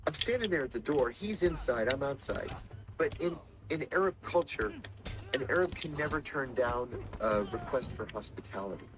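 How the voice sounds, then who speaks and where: A middle-aged man, a former intelligence officer, telling stories in a measured, dramatic way and acting out the quotes. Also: mid-range voice, lively intonation, background noise. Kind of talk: storytelling interview talk.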